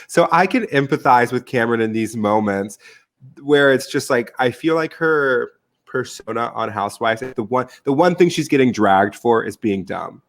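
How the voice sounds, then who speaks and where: A man's voice: mid-range voice, moderate pace. A man co-hosting a podcast, talking in a laid-back, candid way with plenty of filler words. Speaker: podcast co-host. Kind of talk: casual chat.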